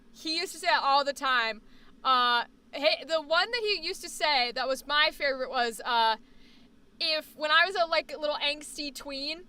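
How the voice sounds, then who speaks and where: American woman streamer, high bright voice, rambling casual chat with lots of swearing. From United States. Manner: chatty, rambling, swears freely. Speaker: live streamer.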